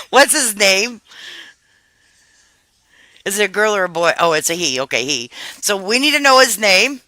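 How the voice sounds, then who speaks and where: A woman's voice: mid-range voice, bright, forceful tone, no room sound. A middle-aged woman hosting a live stream, chatting casually with viewers, laughing often and swearing freely. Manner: frank and talkative.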